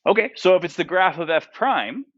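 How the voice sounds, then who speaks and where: A man's voice: sits high, lively intonation, normal speed, fairly bright tone, dry recording, lo-fi sound. A male math teacher lecturing a class. He asks the students lots of questions and keeps checking in with "right?" and "okay?".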